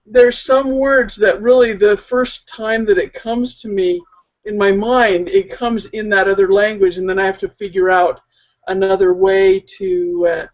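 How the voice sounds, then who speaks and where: Woman co-host, mid-pitched, unhurried and halting, lo-fi recording. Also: steady tone. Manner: slow and hesitant, many pauses and fillers. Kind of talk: casual chat. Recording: muffled lo-fi audio.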